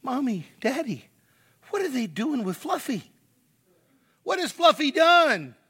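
A man voicing a frightened little child pleading with their parents in high, crying tones. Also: big pitch swings, slow pace, fairly bright tone, exaggerated voice.

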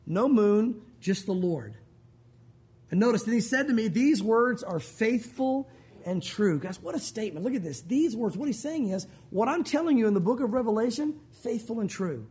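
A man's voice: high-pitched, a little mellow, slightly rough. A man preaching a sermon as pastor, earnest and direct, often calling his listeners "guys".

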